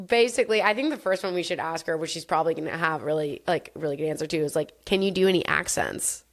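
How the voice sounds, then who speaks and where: A woman's voice: deep voice, quick pace. A woman co-hosting a podcast, asking questions in a playful, chatty way with frequent likes and ums. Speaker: podcast co-host. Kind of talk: casual podcast chat.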